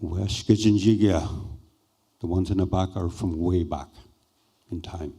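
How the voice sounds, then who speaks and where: A man voicing a solemn male ancestor spirit who speaks calmly to the living in a retold story. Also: deep voice, unhurried, creaky, slightly rough, heavily acted.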